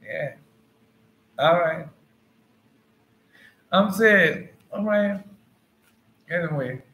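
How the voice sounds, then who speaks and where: A man's voice: a little high, lively intonation, very slow, fairly bright tone. A man giving informal Bible teaching, talking loosely and conversationally and quizzing his listeners. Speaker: preacher. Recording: echoey room.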